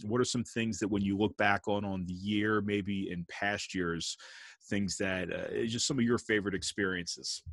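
A man's voice: fairly low pitch, normal speed, no echo. Laid-back man hosting a video call. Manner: relaxed, friendly, jazz slang. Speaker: host, band director. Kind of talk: casual interview.

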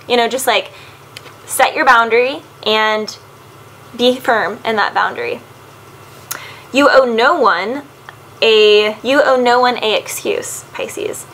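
An earnest woman with a fairly high voice talks through a tarot reading, giving advice in a casual, direct way. She keeps turning back to the listener by their sign. A faint hiss of background noise sits under her voice. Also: takes it slowly, long pauses, a bit bright, low-quality recording. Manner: earnest and advising, repeatedly addresses the listener by zodiac sign. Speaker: tarot card reader. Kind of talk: casual spoken card reading to camera.

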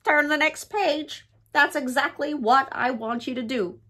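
Storytime lady reading a picture book, slow and crisp-bright, hams it up. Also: sits high. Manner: dramatic, pleading, playful read-aloud. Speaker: storybook reader and channel host.

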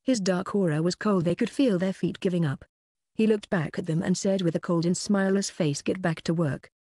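An audiobook narrator reading a web novel in an even, unhurried way. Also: mid-range voice, no echo, studio quality.

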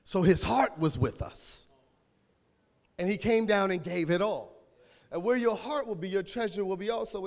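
Male pastor, high voice, AAVE, shouting sermon with a cracking voice, echoing church hall. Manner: preaching with call-and-response and sudden shouts.

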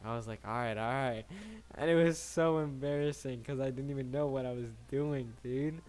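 A man's voice: medium pitch, steady tone, a little fast, darkish tone. A young man in his late teens telling a casual story, rambling and slangy, swearing often and tagging his sentences with "right?".

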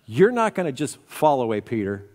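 A preacher speaking as a grave, firm teacher. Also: male voice, medium pitch, very animated, moderate pace, a little mellow, natural voice. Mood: stern. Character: calm grave male teacher, stern. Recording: reverberant church hall.

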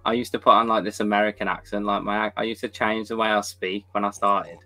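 Low, flat-voiced young man, dry sound. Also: fast talker, faint music behind. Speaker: podcast guest. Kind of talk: casual podcast chat.

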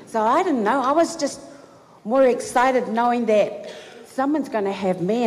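A woman giving a eulogy at a funeral service, telling a personal story in an excited, giggly way. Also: a little high. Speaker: eulogy speaker. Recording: reverberant hall, faint background noise.

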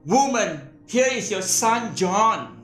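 A woman preaching a sermon in short, measured phrases, pausing for an interpreter. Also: medium pitch, lively intonation, a bit bright, reverberant, faint music behind.

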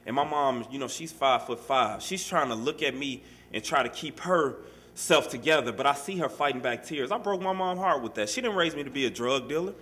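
A man's voice: medium pitch, a little fast. A man telling a personal story to an audience in a casual, street-style way, full of "you know" and "man", acting out the voices in it. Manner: animated, acts out quoted voices. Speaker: speaker sharing his life story at a workshop.

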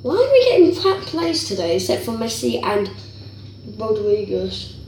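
A woman hosting a gaming video, chatting casually and rambling, and breaking into excited squeals over what she gets. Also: a little high, normal speed, echoey room, recorded from a distance, a little hiss or hum, poor audio. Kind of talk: casual pack-opening commentary.

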